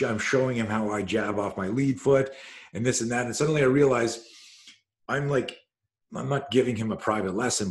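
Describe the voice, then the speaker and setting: A man from Canada telling a story on a video call, lively and swearing, acting out what people said. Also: medium pitch. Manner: animated, swears, acts out quoted speech. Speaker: self-defense coach and host.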